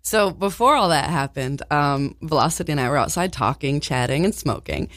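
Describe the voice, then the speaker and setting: A woman's voice: sits low, expressive, normal speed, dry recording, clean studio sound. A woman co-hosting a bawdy, casual chat show, talking in a crude, playful way and laughing often. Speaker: podcast co-host.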